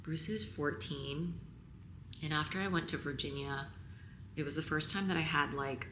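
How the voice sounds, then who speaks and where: A low-pitched woman speaks to camera in a roomy, echoing space with steady background noise. She is tearful and halting, her voice sometimes sinking to a whisper. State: crying. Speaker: vlogger. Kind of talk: emotional on-camera talk.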